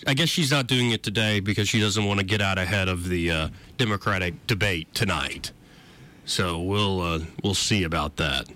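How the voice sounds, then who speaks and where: A man's voice: sits low, normal speed, sharp tone. A man hosting a political talk radio show, sarcastic and conversational.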